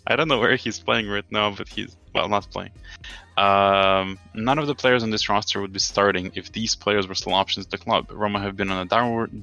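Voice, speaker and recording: A man's voice: lowish voice, gravelly, bright, forceful tone. A man co-hosting a casual football podcast, ranting in an exasperated way and swearing often. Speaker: podcast co-host.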